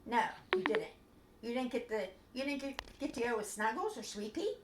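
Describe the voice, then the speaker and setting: Animated older grandma storyteller, high voice. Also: female voice, normal speed, background noise. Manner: animated, sing-song talk to puppets. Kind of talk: children's bedtime story show. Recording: echoey room.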